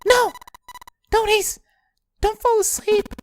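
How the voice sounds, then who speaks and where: A woman putting on a frantic young woman's voice in a high, strained falsetto, reading a game aloud. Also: fairly even intonation, slow, soft background music. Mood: desperate pleading. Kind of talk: let's play visual novel read-aloud.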